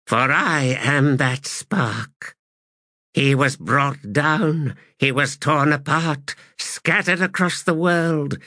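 A man's voice: a little high, bright, forceful tone, dry recording, clean studio sound, voice pushed up, heavily acted. A man voicing a god-like figure who solemnly proclaims a rebirth.

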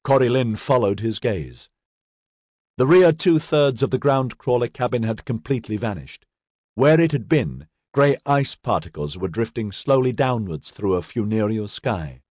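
Reading science fiction from a script, this male audiobook narrator has a mid-range voice and a measured, expressive style. The studio sound is clean, without any echo.

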